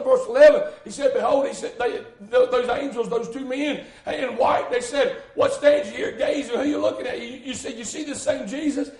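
A man preaching, his voice sitting very high for a man. He drives his points with repeated phrases and breaks into loud shouts. The sound rings around a roomy church hall. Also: vocal fry. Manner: fervent, shouting bursts, rhythmic repetition. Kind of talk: sermon.

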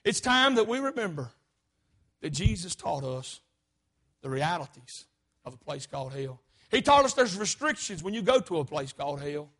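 A male preacher delivering a sermon in a church auditorium, building to loud, impassioned peaks and dropping low for emphasis. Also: sing-song, normal speed.

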